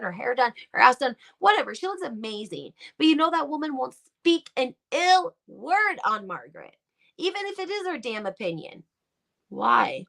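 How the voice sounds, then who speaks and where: A woman hosts a live-stream commentary on reality TV gossip, talking emphatically and firing off rhetorical questions. Her voice sits slightly high and carries a gravelly fry. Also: a bit bright.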